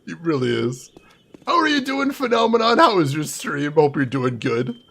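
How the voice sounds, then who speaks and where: Casting: playful young male streamer, husky and high, bouncing all over the pitch range. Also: big pitch swings, moderate pace, fairly bright tone. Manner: playful, chatty, greets viewers by name. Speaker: livestreamer. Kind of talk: casual game livestream commentary.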